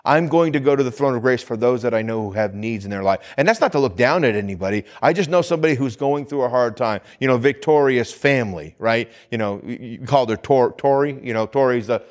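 A man's voice: medium pitch, fast, hardly any pauses. A man, a pastor, giving a conversational sermon that repeats phrases and asks the congregation questions.

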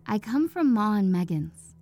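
A woman reading the part of an uneasy male messenger, speaking in a low, hesitant, formal voice. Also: big pitch swings, unhurried, a little mellow, soft background music. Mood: hushed.

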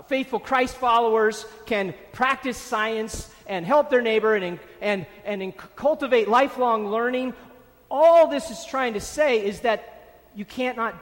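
A man's voice: sits high, a bit bright. A man preaching a sermon, stressing and repeating key phrases for emphasis. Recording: long hall reverb.

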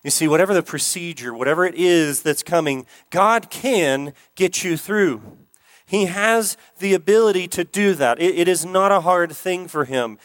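A man preaching a sermon as pastor, earnest, repeating key phrases and slowing down for emphasis. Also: high voice, a bit bright, dry recording.

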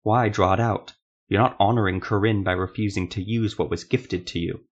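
A man's voice: lowish voice, fairly even intonation, normal speed, breathy edge, lo-fi sound. A man voicing a male spirit that speaks inside a woman's head, giving curt, insistent commands. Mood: commanding.

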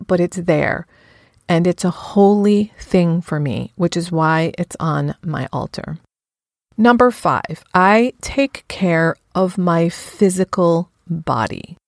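Frank female self-help talker; low, gravelly, earnest, close and dry. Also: no echo. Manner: frank and earnest, casual swearing. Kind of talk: personal self-help talk.

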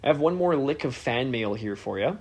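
A man co-hosting a podcast in casual chat, laid-back and quick to laugh. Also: mid-range voice, expressive. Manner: laid-back, laughs easily, says "yeah" a lot. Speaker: podcast co-host.

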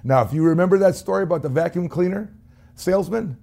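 A man's voice: high-pitched, quick pace, creaky, mellow. A man telling a folksy anecdote as a sales trainer, acting out the voices of the people in his story. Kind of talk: storytelling motivational talk.

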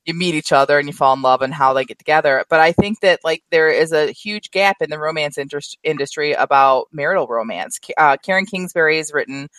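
A woman co-hosting a writing podcast, chatting casually and laughing at herself in quick bursts. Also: deep voice, a bit bright, no room sound, rough recording. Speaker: podcast co-host and writer. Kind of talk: casual chat.

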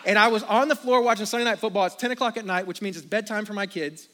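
A man in his thirties from the United States preaching a sermon, telling stories with animated, acted-out outbursts. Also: high voice, quick pace, slight background noise. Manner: storytelling, animated, acts out his own outbursts. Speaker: pastor. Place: church auditorium with congregation.

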